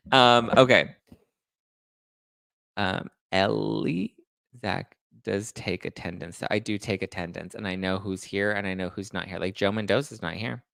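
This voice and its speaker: A man hosting a pop culture live stream, chatting casually with his viewers and tossing out sarcastic asides. His voice sits fairly low with a gravelly, fry-heavy edge. The sound is dry and close. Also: animated, a little slow, fairly bright tone, dry recording. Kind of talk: casual live-chat commentary.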